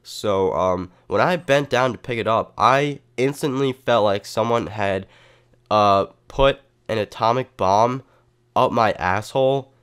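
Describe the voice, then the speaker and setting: Rambling, profane, low-voiced man. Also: a bit bright, smooth. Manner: rambling, profane, full of fillers. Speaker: comedy vlogger. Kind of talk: improvised comedic storytelling.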